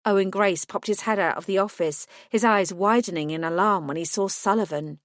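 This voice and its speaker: A woman narrating a first-person audiobook in a steady, clear storytelling voice. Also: mid-range voice, brisk, dry recording, clean studio sound.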